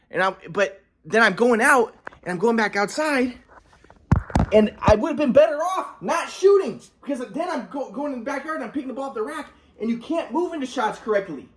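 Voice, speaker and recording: A man's voice: very high voice, animated, a little fast, crowd noise. A man telling his own story in a rambling way, restarting sentences and repeating words. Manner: acts out quotes of others. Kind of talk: casual storytelling monologue.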